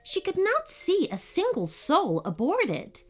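Woman storyteller for kids' audio, slow and lively in pitch. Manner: slow, expressive, animated reading. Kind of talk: children's bedtime story narration. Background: faint music.

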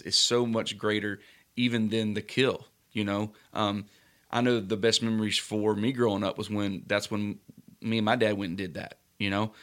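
A man's voice: lowish voice, a bit bright. A man co-hosting a podcast, chiming in with easygoing agreement and short reflections. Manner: easygoing, quick affirmations. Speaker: podcast co-host. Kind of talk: casual podcast chat.

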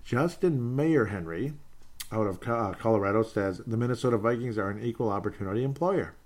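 A man's voice: lowish voice, expressive, fairly quick, a little mellow. A man hosting a casual sports podcast, reading listener comments aloud with loose chatter, fillers and chuckles.

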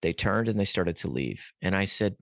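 A man's voice: low voice, moderate pace, creaky, no room sound, studio quality. A man guest on a podcast, earnestly telling a personal story in a rambling way, with many restarts and fillers. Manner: earnest, animated at peaks.

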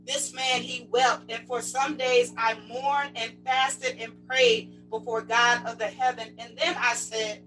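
A woman's voice: a little high, flat delivery, unhurried, few pauses, fairly bright tone, slight background noise, poor audio. A woman sports chaplain preaching a fervent sermon, reading scripture aloud and swelling and dropping in volume.

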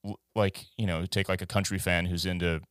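Male podcast guest, deep voice, loose profane rambling, dry close mic. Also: little pitch movement, fairly quick, a bit bright, no room sound. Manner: rambling, profane, full of restarts. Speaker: guest musician. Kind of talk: casual podcast chat.

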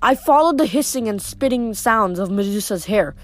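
A woman reading a novel aloud in steady storytelling narration. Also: medium pitch, normal speed. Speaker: reader.

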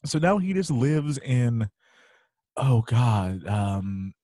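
A man's voice: mid-range voice, sing-song, drawn-out words, mellow, no room sound. A chatty man talking movies on a podcast, his voice sitting in a middle register. He laughs easily and swears now and then. The recording is dry and close, with no room sound. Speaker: podcast co-host. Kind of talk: casual chat about a movie.

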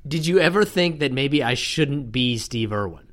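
A man hosting a relaxed podcast conversation, his voice at an ordinary middle pitch. He talks in a dry, teasing way, poking fun at his co-host. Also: normal speed. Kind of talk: casual chat.

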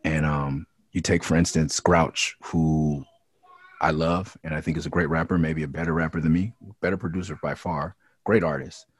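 A rapper from the Los Angeles area gives a candid, casual interview in a deep, husky voice. He speaks frankly and profanely at normal speed with a steady tone, ramping up when things get heated, and there is no echo.

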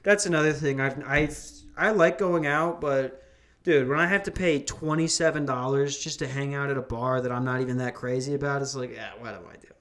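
A man's voice: mid-range voice, steady tone, normal speed, fairly bright tone. A young man from Minnesota in casual podcast chat, rambling and swearing, laughing as he tells stories. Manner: rambling, profane, laughs through his stories.

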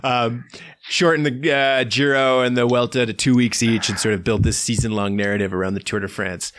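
A man in easy conversation on a cycling podcast, eager and chatty, working his thoughts out as he talks. His voice sits at an ordinary middle pitch. It is recorded close and dry, with no room sound. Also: steady tone, fairly quick, a bit bright, no room sound. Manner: enthusiastic, chatty, thinks aloud. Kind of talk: casual chat.

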